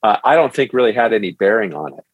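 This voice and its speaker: A man's voice: on the low side, fast talker, slightly rough, no echo, phone-quality sound. A middle-aged man who is a pastor, guesting on a podcast and telling stories animatedly in a casual interview. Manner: animated storyteller who acts out quotes.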